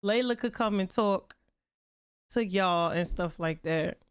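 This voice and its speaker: A woman's voice: medium pitch, takes it slowly, clean tone, no room sound. A young adult woman streamer chatting casually, telling a family story with slang and a lot of laughter. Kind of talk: casual live-stream chat.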